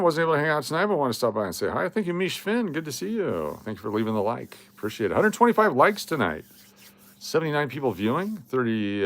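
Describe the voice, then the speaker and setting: A middle-aged man from Las Vegas hosting a casual coin live stream, chatting and reading viewer comments aloud. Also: medium pitch. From Las Vegas, Nevada. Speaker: livestream host running coin giveaways.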